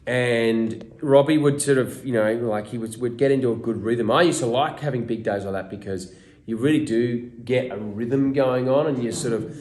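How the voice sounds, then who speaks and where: A man with an Australian accent, an actor telling casual behind-the-scenes anecdotes to fans at a convention meet-and-greet, animated and full of restarts. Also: mid-range voice, moderate pace. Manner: animated storyteller, acts out quotes, many restarts. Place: small room at a fan convention. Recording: echoey room.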